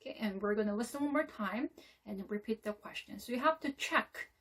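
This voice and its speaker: A woman with a fairly high voice leads a classroom lesson on English intonation. She explains step by step, pausing often to check that listeners follow. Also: breathy edge. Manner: explains slowly, with frequent "okay?" checks. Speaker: English teacher.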